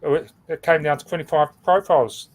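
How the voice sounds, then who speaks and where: A man's voice: fairly high pitch, fairly even intonation, brisk. A man co-hosting a casual livestream over a video call, talking through team standings and stumbling over names. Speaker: co-host reading team standings.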